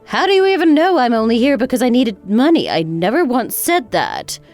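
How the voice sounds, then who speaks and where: A woman's voice: fairly high pitch, huge pitch swings, moderate pace, darkish tone, soft background music. A woman voicing a proud, touchy older mother-in-law in a texting-story drama, stammering and defensive. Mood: indignant. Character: indignant older mother-in-law, proud, quick to take offense.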